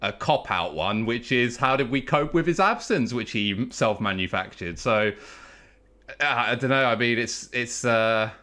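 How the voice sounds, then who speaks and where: A man's voice: medium pitch, animated, measured pace, pushed and bright. A man who is a regular guest on a talk show, rambling and self-mocking in casual chat.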